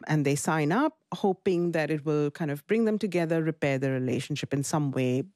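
A woman's voice: low voice, brisk, mellow, dry recording, clean studio sound. A woman reviewing a novel on a radio show, earnest and enthusiastic, often repeating her phrases. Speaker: book reviewer.

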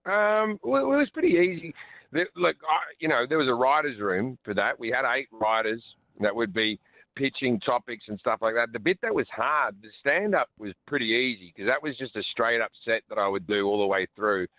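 An Australian man in his forties, a comedian chatting and joking as a radio guest with quick restarts over the phone. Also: medium pitch, lively intonation, no room sound. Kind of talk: casual radio interview. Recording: tinny phone line.

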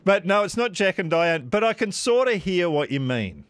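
Chatty radio quiz host, lively pitch. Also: male voice, moderate pace. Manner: chatty, self-deprecating, laughs often. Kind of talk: casual radio chat with callers. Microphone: studio microphone.

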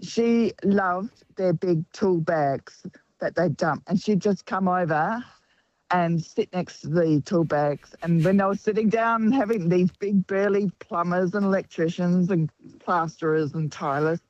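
A woman's voice: lowish voice, unhurried, no room sound. A woman co-hosts talkback radio, teasing her partner and telling stories with frequent laughs. The sound is dry and slightly dull. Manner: warm storyteller, teasing, laughs often. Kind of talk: casual talkback radio chat.

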